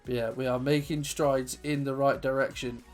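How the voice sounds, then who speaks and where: A man's voice: mid-range voice, steady tone, normal speed, darkish tone, soft background music. A young man commentating his own football video game match as a channel host, then recapping the standings and signing off while out of breath.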